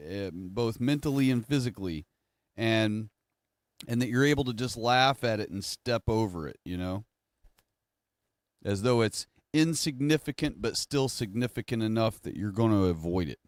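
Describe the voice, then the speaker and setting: Smooth-voiced rambling male streamer. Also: lowish voice, animated, moderate pace, no room sound. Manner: rambling, self-correcting, conversational. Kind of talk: casual livestream monologue.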